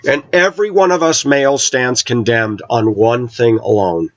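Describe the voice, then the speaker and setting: A man's voice: medium pitch, normal speed, no room sound, dull audio. A middle-aged man vlogging an opinionated monologue, talking with intensity and hard emphasis.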